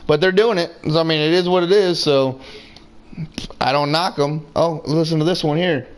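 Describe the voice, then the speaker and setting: A man's voice: on the high side, normal speed. A man giving casual, rambling commentary while playing a video game, swearing freely and several beers in. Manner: rambling, profane, laid-back. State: drinking beer, several drinks in. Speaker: gamer streaming his play.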